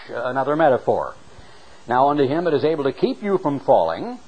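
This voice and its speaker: A man's voice: medium pitch, sing-song, fairly quick, a little mellow, poor audio. A middle-aged man preaching a sermon, reading scripture aloud and stressing key words with rising and falling emphasis.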